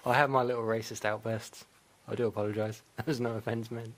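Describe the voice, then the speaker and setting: A man's voice: lowish voice, little pitch movement, fairly quick, a little hiss or hum. Chatty man hosting a podcast. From Britain. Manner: laughs often, rambling and self-deprecating. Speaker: podcast host. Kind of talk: casual chat.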